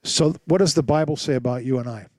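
Dry-sounding preacher man, animated delivery. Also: medium pitch, fast, no echo. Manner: animated storytelling with rhetorical questions; acts out voices and sounds in his stories. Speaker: pastor. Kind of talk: sermon.

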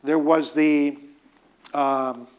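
In a conversational teaching sermon, a man preaches emphatically, repeating phrases for stress and dropping casual asides. His voice is a little high and a little mellow, with a steady tone, drawn-out words and clean sound.

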